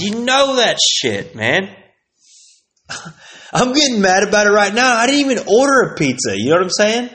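A man's voice: high-pitched, sing-song, unhurried, long pauses, pushed and bright. A young man from Texas, ranting casually and swearing constantly, his voice jumping up when he gets worked up. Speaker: vlogger. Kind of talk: casual profane rant.

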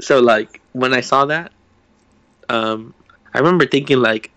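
Young dude rambling thru a story on a podcast, cussing a lot, does the voices, dry close mic. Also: male voice, medium pitch, measured pace, fairly bright tone, no echo. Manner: rambling, swears freely, acts out quotes. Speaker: podcast co-host. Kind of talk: casual chat, storytelling.

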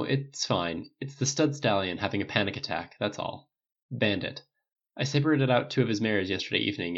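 Male narrator, lowish register, steady storybook reading, muffled recording. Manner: reads all characters with small pitch lifts in dialogue. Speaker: audiobook narrator. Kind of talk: scripted narration.

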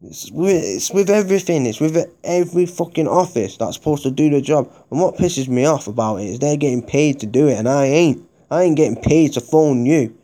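A man's voice: medium pitch, fairly quick, few pauses, warm tone. A man hosting a podcast, delivering an angry, profanity-heavy rant that repeats itself as it builds. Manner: heavy swearing, heated and repetitive. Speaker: podcast host. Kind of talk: angry ranting monologue.

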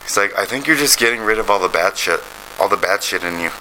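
A man's voice: on the low side, expressive, fast talker, pushed and bright, slight background noise, rough recording. A man telling a long rambling story in casual podcast chat, swearing freely.

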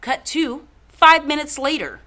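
This woman co-hosts a podcast, her voice pitched high and her pace measured. She rambles through a story in casual chat, animated and swearing freely.

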